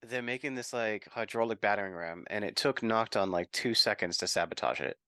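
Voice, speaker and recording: A man's voice: on the low side, brisk, bright, forceful tone, smooth, no room sound, clean studio sound. A man playing a tabletop game, talking in a casual, profane and sardonic way. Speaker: player.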